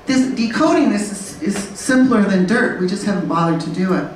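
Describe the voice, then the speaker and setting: Woman, conference panel speaker, blunt and animated, mid pitch, distant mic, roomy echo, faint background noise. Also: a little fast. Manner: animated, blunt, acts out learners and babies. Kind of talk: lively conference talk. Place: conference room. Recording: very echoey room from far off, faint noise.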